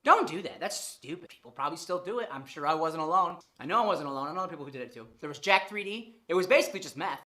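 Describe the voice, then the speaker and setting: Brief: woman vlogger in her thirties, bright forceful voice, lively pitch, blunt and profane, hammers points with repetition. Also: quick pace, few pauses. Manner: animated, profane, emphatic repetition. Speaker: fitness vlogger. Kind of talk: casual vlog monologue.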